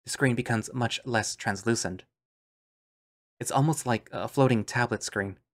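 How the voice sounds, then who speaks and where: A man's voice: medium pitch, a little slow. A man narrating an audio drama in first person, musing and understated.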